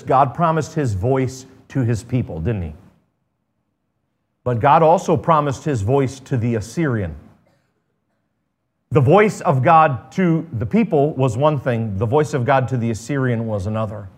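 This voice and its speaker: A man, a pastor, giving a sermon. He reads scripture with swelling intensity, then drops into quiet, conversational asides to the congregation. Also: medium pitch.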